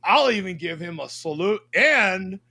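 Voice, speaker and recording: A man hosting a casual livestream chat, excitable and quick to laugh. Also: high-pitched, heavy background noise. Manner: excitable, laughs often, restarts. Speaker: host.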